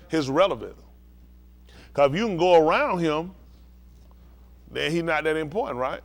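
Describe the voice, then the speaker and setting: Male pastor, fairly high voice, bible teaching, call-and-response, asks if listeners follow. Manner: keeps checking the listeners understand.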